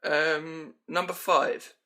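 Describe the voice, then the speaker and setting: Young dude ranting at his camera, kinda high bright voice, lots of ums and likes. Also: little pitch movement, very slow. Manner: rambling, full of fillers like "um" and "like". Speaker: vlogger. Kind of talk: casual ranting list vlog.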